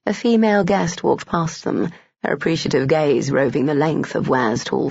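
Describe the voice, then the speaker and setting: An audiobook narrator reads a romance novel in a measured way, with a gravelly, husky, slightly mellow voice at medium pitch. The recording is dry, dull and lo-fi, with no echo.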